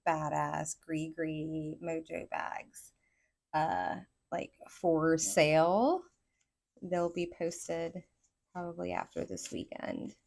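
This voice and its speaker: Southern woman on the low side, hosting a loose, excitable tarot reading for her viewers. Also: vocal fry. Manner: excitable, rambling, talks to viewers as folks. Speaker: tarot reader. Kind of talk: casual pick-a-card tarot reading.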